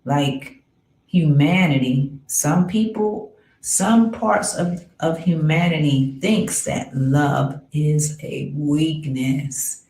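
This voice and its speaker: Slow gravelly woman giving a spiritual talk. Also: low-pitched, reverberant, poor audio. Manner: slow, affirming, soft-spoken with murmured asides. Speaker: spiritual coach.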